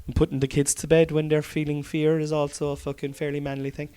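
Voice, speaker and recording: A man's voice: fairly high pitch, little pitch movement, fast, warm tone, clean tone. An Irish man, a comedian hosting a podcast, chatting casually at home, swearing often and rambling. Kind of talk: casual chat. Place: study by an open fire at home.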